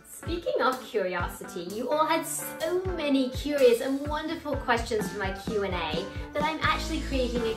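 A young woman hosts her vlog in a playful, theatrical way, her voice pitched a little high. The sound is roomy, with a clear echo from the space around her. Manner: playful and theatrical, with bursts of mock outrage. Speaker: host. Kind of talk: upbeat scripted vlog talk.

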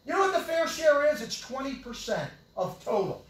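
An older man preaching a sermon with great passion, swinging from loud yelling to low mutters. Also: sing-song, moderate pace. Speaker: pastor. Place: church hall. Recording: echoey church hall, from far off.

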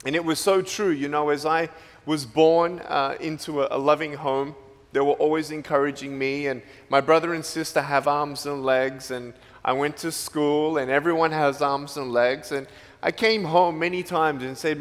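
A man's voice: a little high, moderate pace. Playful man speaking in an echoey hall. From Australia. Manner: playful, joking, lively storyteller. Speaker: motivational speaker. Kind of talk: motivational talk to students. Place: large school hall.

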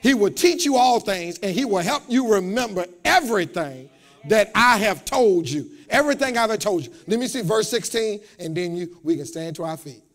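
A man preaching a sermon to a congregation in a call-and-response style, repeating phrases and building up to shouts. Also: sits high, lively intonation, normal speed. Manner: repeats words, talks straight to the congregation. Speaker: pastor. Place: church.

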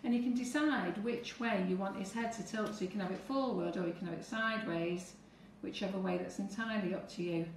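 A woman's voice: mid-range voice, fairly quick, few pauses, recorded from a distance, a little hiss or hum. A woman teaching cake decorating on a live stream, chatting to viewers as she works through each step. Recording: echoey room, away from the mic.

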